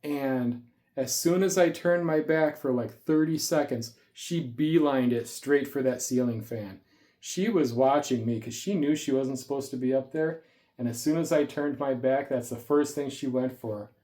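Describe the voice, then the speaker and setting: Filmed at home on a camera sitting on a tripod, this snake-keeping vlogger rambles through stories in a relaxed, talkative way, still slightly winded from the gym. He has a mid-range, dark-toned voice and keeps a moderate pace.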